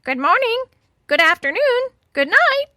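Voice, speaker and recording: A woman's voice: very high-pitched, very animated, measured pace, pushed and bright, no room sound, studio quality, pitched above the performer's own voice, full character voice. A woman voicing a pet parrot that squawks and repeats the phrases it has heard. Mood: shrill mimicry. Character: shrill mimicking pet parrot.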